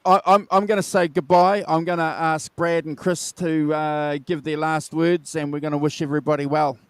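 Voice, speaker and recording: A man's voice: on the high side, level tone, normal speed, clean tone, dry recording. A man with an Australian accent hosting a casual live stream over a video call, upbeat and plugging upcoming shows. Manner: upbeat, wraps up with plugs. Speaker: host. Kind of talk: casual chat.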